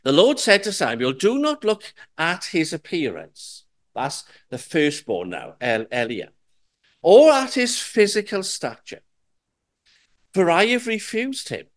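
A man preaching a sermon, speaking slowly and emphatically and asking his listeners rhetorical questions. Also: high-pitched, sing-song.

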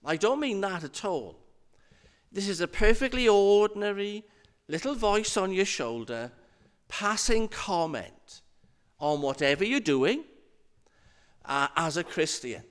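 Slow, lively-pitched male preacher. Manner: earnest, repetitive preaching cadence. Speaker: minister. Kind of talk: sermon.

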